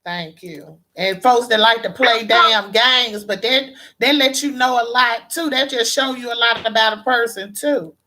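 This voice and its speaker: A woman host takes calls on her live stream, talking bluntly and with plenty of sass. Her voice sits high and comes out bright and sharp. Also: a little slow, hardly any pauses. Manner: blunt, sassy, casual. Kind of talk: live-stream call-in talk.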